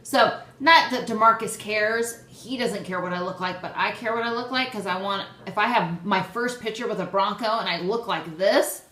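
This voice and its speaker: A young woman hosting her own vlog, chatting excitedly and poking fun at herself. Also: mid-range voice, normal speed, few pauses. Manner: excitable, chatty, self-deprecating. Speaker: host. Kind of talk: casual vlog chat. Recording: roomy echo, faint background noise.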